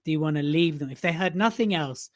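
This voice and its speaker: High-voiced, upbeat male podcast host. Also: fast talker. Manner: upbeat, hearty. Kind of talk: casual podcast chat.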